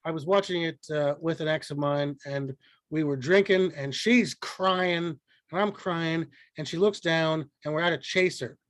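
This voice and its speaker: A man's voice: fairly high pitch, a little slow, a bit bright, no echo. A man co-hosting a casual podcast, rambling and swearing with lots of restarts and fillers. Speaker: podcast co-host.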